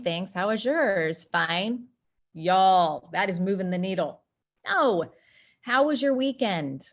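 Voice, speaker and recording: A woman from North Texas, presenting an online workshop and acting out quotes in lively voices. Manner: animated, acts out quoted voices with big pitch jumps.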